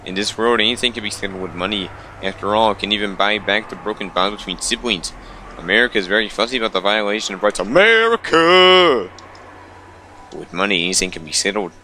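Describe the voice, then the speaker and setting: A man's voice: on the low side, fairly even intonation, quick pace, pushed and bright, a little hiss or hum. Young man reading aloud with wry asides. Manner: wry asides, stumbles over the text. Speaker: let's player. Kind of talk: reading a visual novel aloud with commentary.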